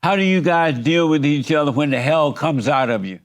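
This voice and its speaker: A man hosting a talk show, firing off blunt, teasing questions at his guests. His voice sits a little higher than most men's. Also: moderate pace. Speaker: host. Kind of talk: provocative interview questions.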